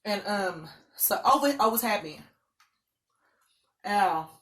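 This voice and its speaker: A woman vlogger telling a story in a loud, animated, dramatic way. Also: mid-range voice, slow pace. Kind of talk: casual storytelling.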